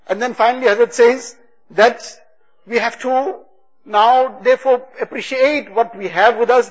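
A man giving a religious talk, retelling stories with quoted dialogue in a husky voice. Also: very high voice. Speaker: religious speaker. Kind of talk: sermon storytelling. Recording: dull lo-fi recording.

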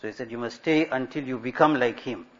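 A mid-range male voice, moving a little fast, delivers a sermon in the role of an Islamic scholar. He tells stories, asks rhetorical questions and uses Arabic religious words, all on a dull lo-fi recording.

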